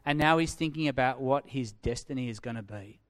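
A man preaching a sermon as a pastor, telling the story with animated swings from loud to hushed. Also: medium pitch, fairly quick.

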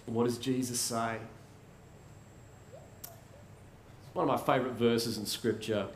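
A man preaching a sermon in a conversational way, asking rhetorical questions and pausing for effect. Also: mid-range voice, steady tone. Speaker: pastor. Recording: roomy echo.

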